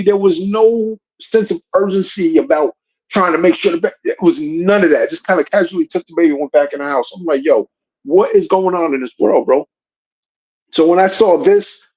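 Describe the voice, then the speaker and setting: A man hosting a podcast, telling a story in a casual, slangy, animated way. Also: high-pitched, lo-fi sound. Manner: slangy and animated, says "yo" and "you know what I'm saying". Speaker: podcast host.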